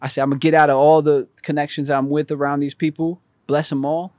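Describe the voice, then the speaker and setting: Male podcast guest, higher-pitched voice, lively storyteller who acts out the voices, dry close sound. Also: fast talker, no echo. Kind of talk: conversational storytelling.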